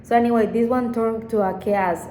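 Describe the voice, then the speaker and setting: A woman's voice: on the high side, fairly even intonation, moderate pace, mellow. A woman vlogger telling a personal story in a rambling, emotional way with frequent swearing. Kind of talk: casual storytime monologue. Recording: echoey room with faint background noise.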